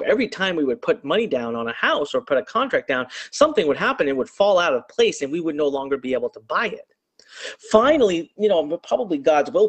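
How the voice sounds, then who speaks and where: Husky man, animated sales pitch. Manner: animated storytelling, acting out his own panic. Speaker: marketing speaker. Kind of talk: motivational sales talk.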